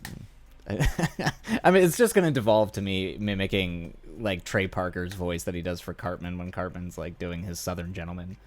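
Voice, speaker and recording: A man's voice: sits low, normal speed. A man streaming live, thinking aloud and musing with rambling asides while he writes a script. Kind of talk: casual live-stream writing session.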